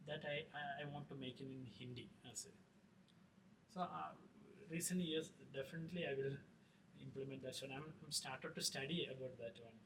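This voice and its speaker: A middle-aged man, a film director talking in an interview, halting with many fillers and restarts. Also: medium pitch. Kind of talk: casual interview talk. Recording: distant mic with faint noise.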